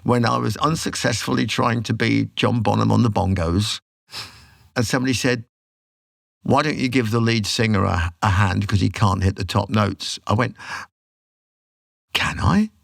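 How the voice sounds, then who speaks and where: Gravelly-voiced man in his sixties. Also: fairly low pitch, normal speed, no echo, studio quality. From England. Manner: animated storyteller, acts out quotes. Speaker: podcast guest, rock singer. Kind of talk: casual storytelling.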